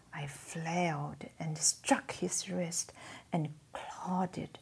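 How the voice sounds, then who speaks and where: Woman, memoir read-aloud, hushed near-whisper, very slow, breathy. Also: fairly low pitch. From China. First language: Chinese. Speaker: author reading her memoir.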